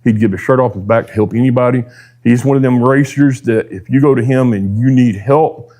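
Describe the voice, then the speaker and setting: A man's voice: medium pitch, a little fast, mellow. A man, a drag racer telling his story as a podcast guest in a rambling, folksy way. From Texas. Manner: rambling, folksy, peppered with "dude" and quoted dialogue. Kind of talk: casual storytelling.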